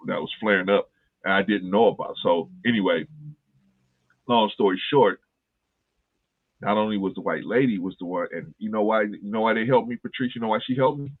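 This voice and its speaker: A man's voice: on the low side, brisk, pauses often. A man hosting a talk podcast, telling a personal story in earnest, casual chat and repeating phrases for emphasis. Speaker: podcast host. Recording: tinny phone-like line.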